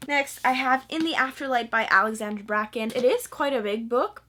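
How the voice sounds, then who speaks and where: A bubbly young woman talks casually into a camera in a small room, her voice sitting a bit high. She gushes and rambles with plenty of fillers, eager and excitable. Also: brisk. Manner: bubbly and excitable, lots of fillers, squeals and laughs. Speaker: book vlogger. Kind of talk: casual chat.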